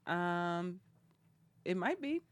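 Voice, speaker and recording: A woman guest co-hosting a comedy podcast, playful and quick to laugh. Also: fairly low pitch, no room sound. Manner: playful, expressive, laughs a lot. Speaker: guest co-host. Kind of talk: casual comedic chat.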